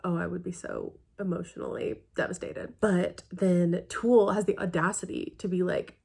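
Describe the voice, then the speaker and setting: A woman's voice: fairly low pitch, steady tone, normal speed, gravelly, darkish tone, slightly rough. A woman hosting a reaction video, casually recapping a film in a chatty, emotional way with trailing asides.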